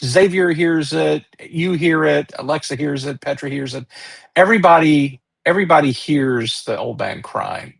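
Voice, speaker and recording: A man narrating as game master of a tabletop game, slow and hesitant with frequent ums and restarts. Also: a little high, creaky, slightly rough.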